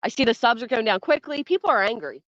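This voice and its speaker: A woman's voice: on the high side, sing-song, fast talker, a bit bright, dry recording, highs cut off. A woman hosting a casual livestream from home, chatting with her viewers and reacting to the chat in a blunt, foul-mouthed way, laughing often. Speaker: livestream host. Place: at home, early morning.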